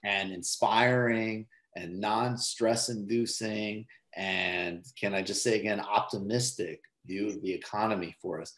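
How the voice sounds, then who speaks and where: A man's voice: on the low side, fairly even intonation, measured pace, few pauses, fairly bright tone. A man hosting a podcast in casual, teasing chat, often rambling with fillers. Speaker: podcast host.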